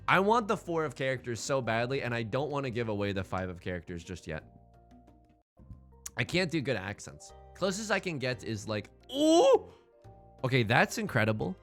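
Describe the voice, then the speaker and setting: Young male streamer, animated pitch, self-deprecating, casual game commentary, faint music. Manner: self-deprecating, rambling, thinks out loud.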